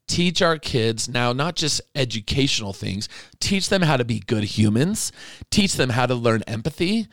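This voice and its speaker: A middle-aged man speaks straight into the mic in an impassioned podcast monologue, indignant and pleading by turns. His voice sits at an ordinary male pitch. The sound is dry, with no room around it. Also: creaky, fairly bright tone, no echo. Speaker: podcast host.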